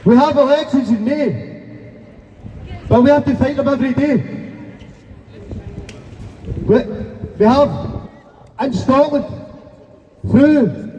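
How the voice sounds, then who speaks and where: Man, rally speech, mellow dark tone, long reverb. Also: extremely high pitch. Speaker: protest speaker. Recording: echoey, dull lo-fi sound.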